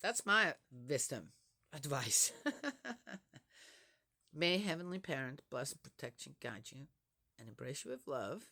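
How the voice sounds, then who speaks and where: Slow, bright-voiced older woman. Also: low-pitched, very animated, creaky. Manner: frank, chatty, with soft laughs. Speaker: vlogger. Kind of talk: casual talk to camera.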